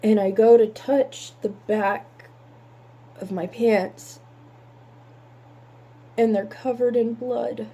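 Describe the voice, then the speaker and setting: Woman, husky voice, higher pitch, mellow tone, halting and tearful storytelling. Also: fairly even intonation. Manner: halting, repeats words, near tears. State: holding back tears. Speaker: channel host telling a personal story. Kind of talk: emotional personal storytelling.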